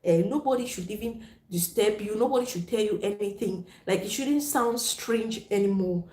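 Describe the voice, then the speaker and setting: A woman's voice: mid-range voice, moderate pace, a little mellow. Frank, laughing woman in an echoey room. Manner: frank and playful, laughs often, mixes Pidgin into English. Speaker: host of a live chat stream. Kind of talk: casual chat with viewers.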